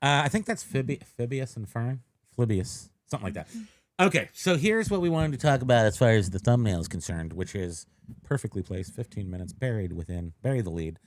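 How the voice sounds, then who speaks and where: A man's voice: medium pitch, very animated, fairly quick, slight background noise. A man co-hosting a casual podcast, rambling and correcting himself as he jokes along. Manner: rambling, self-correcting, joking. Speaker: podcast co-host. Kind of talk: casual chat.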